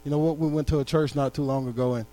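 A guest preacher delivers a sermon in a church sanctuary, his voice mellow and mid-range with fairly even intonation. He speaks at a quick pace and builds toward emphatic calls to the congregation.

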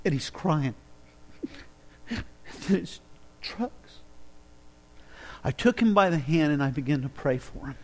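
A man preaches a sermon, weaving a personal story into his message. His voice sits a little high, and he drops to near-whispers for quoted lines before building to emphatic, ringing preaching. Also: expressive, a little fast, hardly any pauses, darkish tone. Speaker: pastor.

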